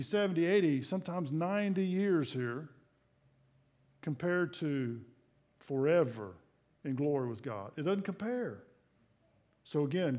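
Earnest preacher man, fairly high voice. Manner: earnest, personal storytelling with soft hushed asides. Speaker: pastor. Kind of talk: sermon. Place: church sanctuary.

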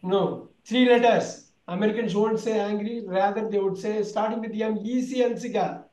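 A man's voice: high-pitched, steady tone, normal speed, a little mellow, roomy sound, poor audio. A man teaching an online vocabulary lesson, repeating words and quizzing his students. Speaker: English teacher.

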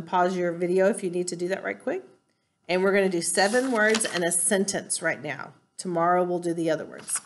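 A woman teacher giving a recorded spelling lesson, patiently explaining rules step by step and spelling words out letter by letter. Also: on the low side.

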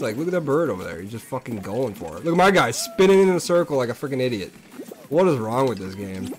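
Loud, cursing young gamer man. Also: medium pitch, sing-song, quick pace. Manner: swings between mumbling asides and yelling outbursts. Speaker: gaming channel host. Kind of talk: profane gameplay commentary.

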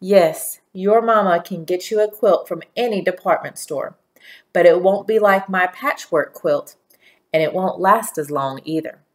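A woman voicing a warm, proud elderly grandmother who speaks in a folksy dialect with slow, emphatic phrasing. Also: on the low side, close to an everyday voice.

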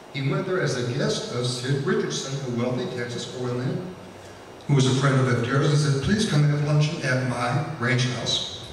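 Heard from a distance in an echoey lecture hall, a man with a mid-range voice delivers a public history talk. He tells folksy anecdotes with frequent fillers, and there's slight background noise.

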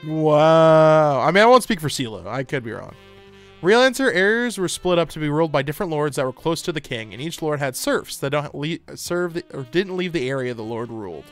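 A man's voice: fairly high pitch, fairly quick, faint music behind. A man streaming live and chatting casually with his viewers, joking and laughing as he plays. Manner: joking, talks to chat, lively bursts of laughter.

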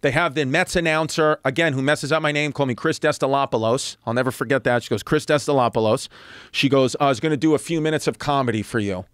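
A man in his thirties, a comedian and podcast guest, telling a story in casual chat, animated and profane, acting out other people's lines as he goes. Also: medium pitch, fast talker, clear, resonant tone, no echo, studio quality. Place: podcast studio.

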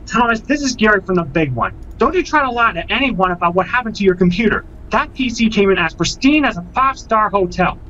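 A man's voice: sits high, expressive, brisk, few pauses, sharp tone. A man scolds steadily in a prank call-in message. The audio is dull and lo-fi, with a faint hiss underneath. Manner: accusing, scolding.

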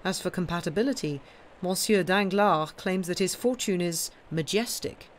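A woman's voice: on the low side, normal speed, slight background noise, natural voice. A woman voicing a naive, gossipy aristocratic baroness in a storybook reading. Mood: confiding.

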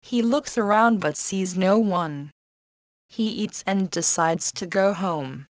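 Woman reading a storybook for learners, slow and clear, dry close sound. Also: medium pitch, dry recording. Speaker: narrator.

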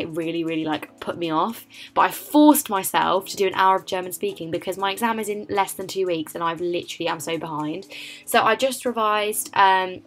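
A teenage woman with an English accent narrating a casual study vlog, chatty and animated with lots of filler words. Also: lowish voice. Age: late teens. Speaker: vlogger.

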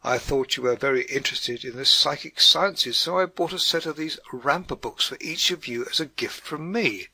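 A man's voice: mid-range voice, moderate pace, few pauses, sharp tone, husky, no room sound, heavily acted. A man doing an earnest German housewife. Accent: put-on German. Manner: earnest, lecturing. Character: stern German housewife, middle-aged woman.

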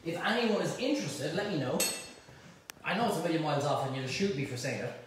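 Chatty cooking host in an echoey kitchen. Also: male voice, a little high, animated, fast, far from the mic, noisy background. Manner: chatty, jokey, talks to helpers while cooking. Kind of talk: casual cooking demonstration. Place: home kitchen.

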